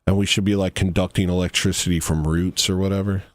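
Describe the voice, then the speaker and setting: A man with a fairly low voice, recorded dry and close with no room sound. He hosts a livestream and rambles through mock-serious commentary, wandering into asides and half-finished thoughts. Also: flat delivery, fast, dry recording. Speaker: livestream host reacting to a video.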